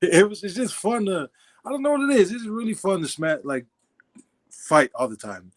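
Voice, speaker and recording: A young man in his twenties, a former football player appearing as a podcast guest, casually tells his life story, acting out dialogue and laughing often. His voice sits high, very animated, at a fairly quick pace.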